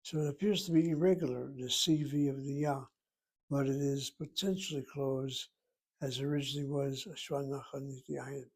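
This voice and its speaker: A man teaching a Hebrew lesson, explaining slowly and carefully and sounding out words. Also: mid-range voice, steady tone, gravelly, a little mellow. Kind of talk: slow classroom lesson.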